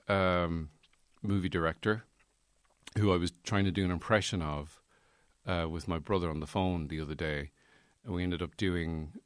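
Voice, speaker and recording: Deep-voiced, rambling man. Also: dry recording, studio quality. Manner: rambling, digressive, many fillers. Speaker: podcast host. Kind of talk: casual solo monologue.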